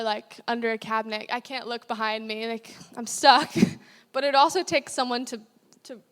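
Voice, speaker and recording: A young woman giving a casual, chatty sermon as a guest speaker, with many fillers. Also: fairly high pitch. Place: church hall. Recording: long hall reverb.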